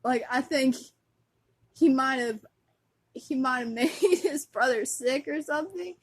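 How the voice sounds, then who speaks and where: A woman's voice: high voice, a little slow, slightly rough. A woman vlogger chatting casually as a fan, giggly and rambling, with lots of fillers.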